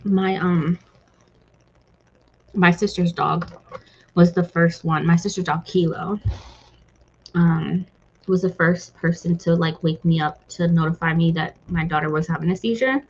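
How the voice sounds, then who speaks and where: A woman's voice: fairly low pitch, fairly even intonation, a little slow, pauses often, slightly rough, lo-fi sound. A woman hosting a reading stream, chatting casually and emotionally with viewers, rambling with many fillers and restarts. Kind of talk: casual chat with live viewers.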